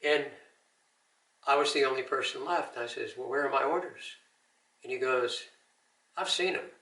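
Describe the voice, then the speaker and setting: A man's voice: mid-range voice, steady tone, normal speed, pushed and bright, reverberant, distant mic, poor audio. Older male veteran, earnest testimony, recorded off-mic. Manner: earnest storytelling with Christian encouragement. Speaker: Army veteran telling his story. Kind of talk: personal testimony.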